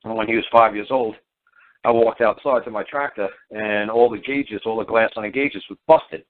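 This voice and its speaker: A man's voice: lowish voice, normal speed. A man, a talk show host, telling a long story in a casual, rambling way, repeating himself and swearing as he goes. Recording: tinny phone-line audio.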